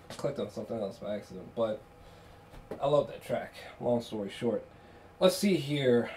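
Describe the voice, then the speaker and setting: A man casually reviewing an album on video, excitable and profane, laughing often and restarting his sentences. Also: mid-range voice, normal speed, a little hiss or hum.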